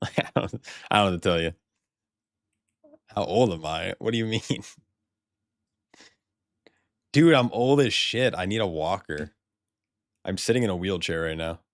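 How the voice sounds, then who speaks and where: A man's voice: low-pitched, moderate pace, pauses often, dry recording, studio quality. An American man rambling casually while streaming a game, swearing freely and laughing often. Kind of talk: casual live-stream chat.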